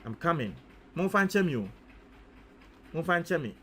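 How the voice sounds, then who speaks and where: A man's voice: on the high side, sing-song, moderate pace, bright, forceful tone, a little hiss or hum. A Ghanaian man giving casual commentary, thinking aloud as he works through figures, repeating numbers and mixing in Twi phrases. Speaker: news commentator.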